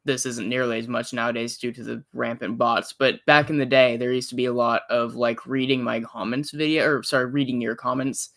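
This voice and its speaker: A streamer co-hosting a reaction show, telling stories in an animated, laughing way. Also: medium pitch, a little fast, creaky, hardly any pauses. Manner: animated storytelling, laughs often, retells others in quotes. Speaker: co-host and streamer. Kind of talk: casual chat.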